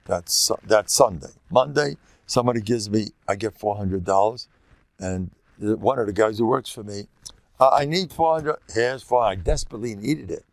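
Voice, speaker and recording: An older man giving a rabbi's lecture in lively storytelling style, full of halting restarts and Yiddish and Hebrew words, often jumping into a high excited pitch and laughing at his own stories. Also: creaky, dry recording.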